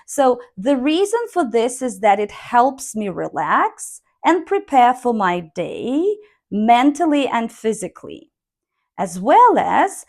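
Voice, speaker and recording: Woman, teacher, slow deliberate delivery, fairly high voice. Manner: slow, deliberate, models intonation by reading sentences aloud. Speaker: English speaking teacher. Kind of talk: online language lesson.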